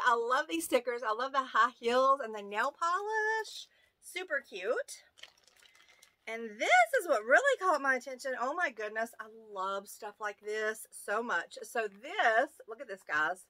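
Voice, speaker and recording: A woman with a rural American accent hosting a casual unboxing video, excitable and gushing as she talks to her viewers. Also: high-pitched, no room sound. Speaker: YouTube channel host. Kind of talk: casual unboxing of fan mail.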